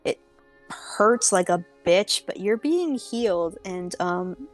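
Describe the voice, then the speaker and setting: Slow, casual woman running a tabletop game. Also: medium pitch, expressive, faint music behind. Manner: casual, lots of filler words. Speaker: game master.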